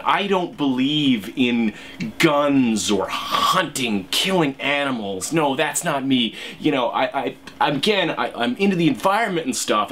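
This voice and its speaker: A man voicing a self-absorbed young male urban hipster who talks haltingly with lots of fillers. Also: mid-range voice, a bit bright, a little hiss or hum. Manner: halting, filler-heavy, defensive.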